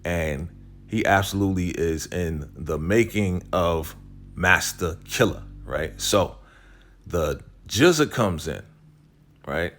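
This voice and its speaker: A man's voice: expressive, slow, a bit bright. A man casually recapping a TV episode, using slang, saying "right?" a lot and acting out the characters' lines. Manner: retells scenes, quoting characters in a lowered voice; slangy, repeats "right?" and "you know". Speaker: TV recap host.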